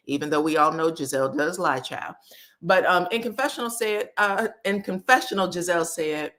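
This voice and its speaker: A woman casually recapping a reality TV episode in a chatty, gossipy way, acting out the cast's quotes in animated voices. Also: lowish voice, moderate pace.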